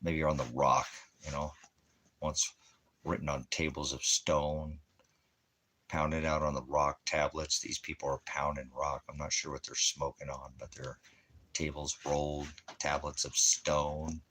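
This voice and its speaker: A man with an extremely low, rumbling voice rants in a sarcastic, mocking tone. He delivers religious commentary as a ministry host and chuckles scornfully between his jabs. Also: level tone, unhurried, sharp tone, slight background noise.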